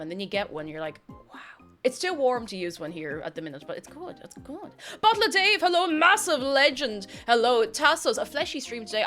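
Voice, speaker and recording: Irish woman, young, streamer, animated and chatty, higher voice, swooping pitch, faint music behind. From Ireland. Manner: chatty, animated, laughs often, reads chat names aloud. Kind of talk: casual live-stream chat.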